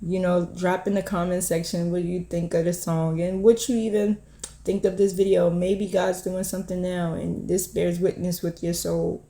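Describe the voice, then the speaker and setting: A woman's voice: fairly low pitch, little pitch movement, normal speed, warm tone, echoey room. A woman hosting her own channel, giving a heartfelt, encouraging prophetic word to camera in an earnest way, often repeating herself and saying "you know".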